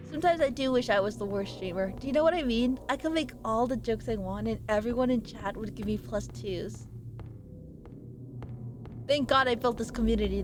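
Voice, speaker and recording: A woman streaming a game, chatting with her chat in a playful, rambling, teasing way, with sudden squeaky yells. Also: a little fast, music in the background, poor audio. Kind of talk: casual gaming livestream chat.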